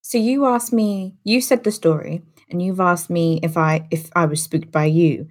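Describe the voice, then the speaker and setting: Playful lower-voiced woman podcast co-host. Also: steady tone, normal speed, darkish tone. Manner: playful, teasing. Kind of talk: casual podcast chat.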